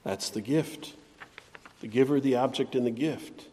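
A man preaching a sermon as pastor, measured and deliberate, dropping to quiet phrases and rising to emphatic ones. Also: medium pitch, long reverb tail.

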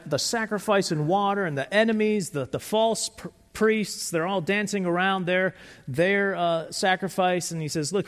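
A man preaching a sermon, retelling stories in a conversational, animated way with frequent restarts. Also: fairly high pitch, in a large hall. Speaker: pastor.

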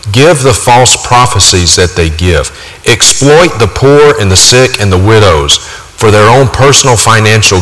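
A man preaching a sermon with forceful, emphatic delivery, repeating his key points for weight. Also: lowish voice. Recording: long hall reverb.

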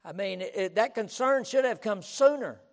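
This preacher's voice is high with lively intonation, moving at a moderate pace through a sermon recorded in a reverberant auditorium. Emphatic and repetitive, he keeps cutting in with "listen."

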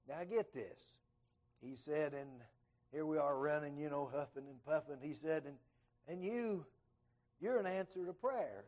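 Folksy man preaching a sermon. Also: medium pitch. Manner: folksy storyteller who acts out quoted dialogue with rising, lively voice. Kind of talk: evening sermon, storytelling.

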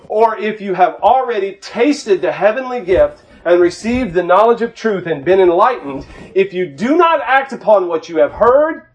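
Male pastor, higher register, earnest sermon delivery with repetition and fervent climaxes. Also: rough recording. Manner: earnest, repeats phrases, builds to fervent climaxes.

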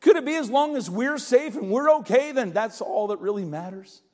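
Older preacher, high voice, dramatic swings. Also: male voice, lively intonation, a little fast. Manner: dramatic storytelling, swings from hushed to shouting. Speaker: pastor. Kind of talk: sermon. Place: church sanctuary.

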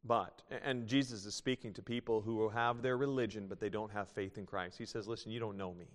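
A man's voice: fairly low pitch, fairly even intonation, a little fast, in a large hall. A man preaching a sermon in a folksy way, reading scripture aloud and telling a joke story. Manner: folksy, reads scripture aloud and tells jokes.

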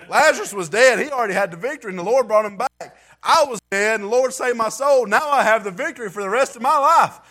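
A man's voice: very high-pitched, expressive, fast, few pauses, bright, forceful tone. A man reading scripture aloud and giving an earnest, heartfelt testimony in plain everyday grammar. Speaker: church member giving testimony.

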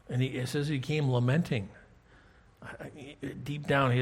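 Speaking at a medium pitch and normal speed, with a slightly rough edge, a man teaches from the Bible in an easygoing, chatty manner. Between reading passages aloud, he keeps asking his audience questions to check in with them.

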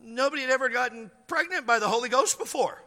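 A male preacher tells a story from the pulpit and acts out the scenes as he goes. His voice sits high and sounds bright. A long echo hangs in the church hall around him. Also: expressive, fast. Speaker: pastor. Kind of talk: sermon.

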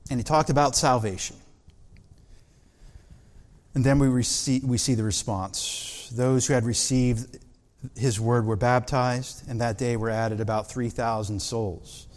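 A man's voice: medium pitch, steady tone, a little slow. Preacher man in a reverberant hall. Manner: asks the congregation rhetorical questions. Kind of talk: sermon.

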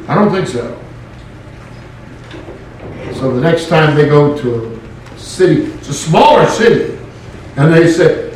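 A male pastor preaching a sermon in an animated way, with joking asides. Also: on the high side, measured pace, long pauses, slight background noise. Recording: very echoey room, mic far off.

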